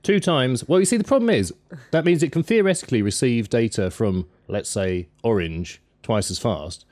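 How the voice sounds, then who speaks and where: A man's voice: medium pitch, moderate pace. A man co-hosting a casual tech chat, joking and telling stories. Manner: joking, animated storytelling. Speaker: podcast co-host.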